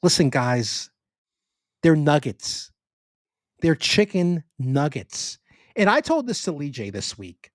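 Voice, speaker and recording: A man with a New York accent holds forth on a casual sports podcast, cursing freely and restarting his sentences. His pitch swings widely as he rants. The sound is dry and close, with no room echo. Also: takes it slowly, pauses often. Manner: animated, swearing, lots of restarts. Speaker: podcast co-host.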